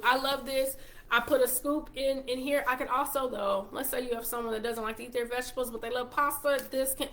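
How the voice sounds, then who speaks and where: A chatty woman with a Texas twang, talking casually to her viewers as she hosts her own show. Her voice sits a little high. She is upbeat and reels off long lists with small restarts along the way. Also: a bit bright. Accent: Texan. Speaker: show host and wellness consultant. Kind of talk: casual product talk to viewers.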